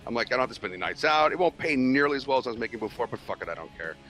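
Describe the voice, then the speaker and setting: Animated, foul-mouthed male storyteller. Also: medium pitch, very fast, faint music behind. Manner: animated, swears constantly, acts out quoted voices. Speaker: co-host telling a story. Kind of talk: casual profane storytelling.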